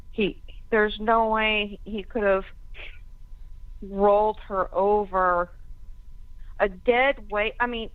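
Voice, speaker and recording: Slow-talking woman on a tinny phone line. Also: medium pitch, no room sound. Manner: hesitant, restarts, thinks aloud. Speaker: conference call participant. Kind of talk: casual discussion on a call.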